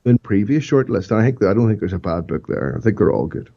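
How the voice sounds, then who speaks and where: A low, husky man with a dark, mellow tone, chatting easily as a podcast co-host. He sounds agreeable and a bit hesitant, and the audio comes through dull and muffled. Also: animated, fast. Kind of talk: casual chat.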